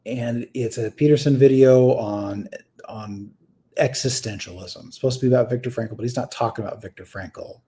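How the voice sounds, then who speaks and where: Man, thirties, mellow voice, casual storytelling, lots of fillers, quiet to animated. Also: medium pitch, moderate pace. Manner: rambling, many fillers and restarts, swings between quiet and animated. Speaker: guest telling a personal story.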